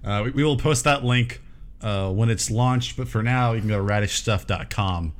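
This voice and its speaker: A man's voice: mid-range voice, normal speed. A man co-hosting a podcast in casual chat, cracking jokes and laughing freely. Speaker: podcast co-host.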